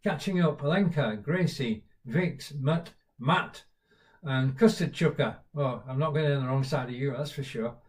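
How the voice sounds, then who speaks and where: A man's voice: mid-range voice, normal speed. Chatty British man hosting a livestream. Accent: British English. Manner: chatty, greets viewers by name, lots of uh fillers. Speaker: livestream host. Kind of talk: casual live-stream chat.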